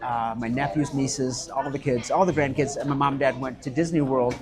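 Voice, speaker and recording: A man telling a story in casual chat, animated and swearing freely, acting out what others said. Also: medium pitch, fairly quick, a crowd in the background. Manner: animated, swearing, acts out quotes. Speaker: guest, restaurant owner.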